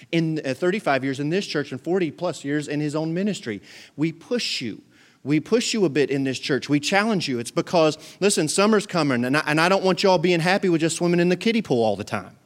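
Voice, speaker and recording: Emphatic male pastor preaching. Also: fairly high pitch. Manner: preaching with rising emphatic build-ups and joking asides. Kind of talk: sermon. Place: church.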